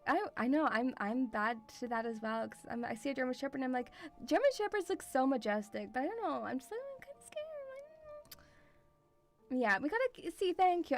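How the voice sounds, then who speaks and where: A woman streamer chatting casually and rambling, calling her viewers sweetie. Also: high-pitched. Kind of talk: casual live-stream chat.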